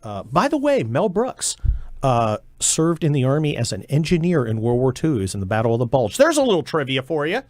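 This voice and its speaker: Middle-aged male radio host, animated and sarcastic, dry studio sound. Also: medium pitch, brisk, no room sound. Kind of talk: talk radio monologue.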